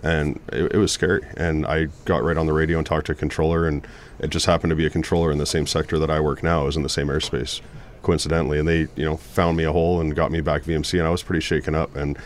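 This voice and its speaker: Speaking fast in a rumbling low voice with little pitch movement, a middle-aged man who works as an air traffic controller shares stories in a casual panel discussion. He's earnest, with frequent restarts as he tells them.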